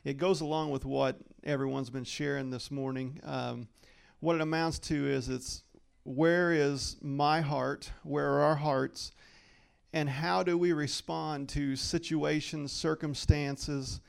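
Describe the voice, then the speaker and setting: A man praying and then giving an informal devotional talk, folksy and quick to laugh as he acts out quoted lines. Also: on the high side, fairly even intonation, creaky, clear, resonant tone. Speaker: lay speaker sharing a devotional.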